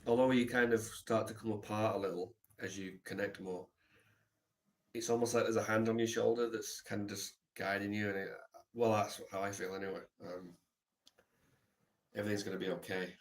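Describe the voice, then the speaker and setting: A man live streaming, telling a reflective story in a soft, halting way with many pauses. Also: on the low side, level tone.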